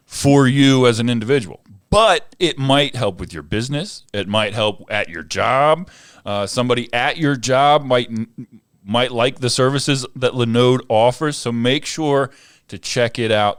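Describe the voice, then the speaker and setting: A man with a deep voice co-hosting a podcast, chatting casually with lots of fillers and reading sponsor spots. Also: clear, resonant tone, no room sound, clean studio sound. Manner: relaxed, filler-heavy, laughs easily. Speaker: podcast co-host. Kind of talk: casual chat and read ad spots.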